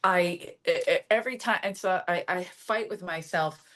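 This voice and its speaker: A woman's voice: lowish voice, normal speed. Brash Philadelphia woman telling stories. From Philadelphia area. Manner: brash, animated storyteller acting out quotes. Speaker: stand-up comedian guest. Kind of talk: casual storytelling chat.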